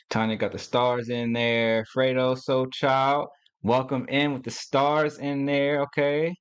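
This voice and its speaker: A man's voice: medium pitch, smooth, muffled recording. A middle-aged man hosting a casual livestream, talking to viewers in a loose, playful, slangy way. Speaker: host.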